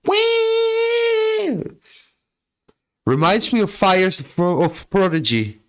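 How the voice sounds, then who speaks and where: A man's voice: sits high, lively intonation, moderate pace, fairly bright tone. A European man streaming live, chatting casually and joking with his viewers in a laid-back, drawling way.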